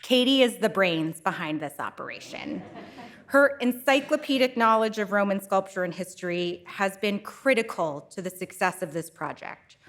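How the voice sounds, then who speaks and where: A woman introducing a guest speaker at a museum lecture, reading a warm, admiring introduction from notes at a lectern microphone. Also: medium pitch, animated, normal speed. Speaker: event host introducing a speaker. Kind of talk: prepared introduction speech. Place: museum auditorium.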